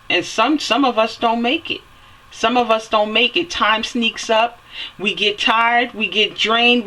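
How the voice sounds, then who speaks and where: A woman giving a fiery, preachy opinion rant, repeating phrases for emphasis and swearing as she climbs to near-yelling. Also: medium pitch, rough recording. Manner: swears and rises to near-yelling when heated. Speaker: vlogger.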